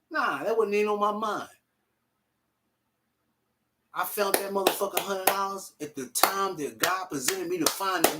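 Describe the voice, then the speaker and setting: A young man telling a personal story in casual, animated street slang, swearing freely. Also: on the high side, a little hiss or hum. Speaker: vlogger.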